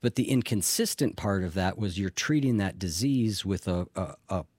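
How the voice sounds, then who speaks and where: A middle-aged man with a lowish voice talks things over earnestly and reflectively, now and then restarting a thought. The sound is dry and close, with no room around it. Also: lively intonation, normal speed, a little mellow, husky, no echo. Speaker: interview guest in addiction recovery. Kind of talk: candid personal interview.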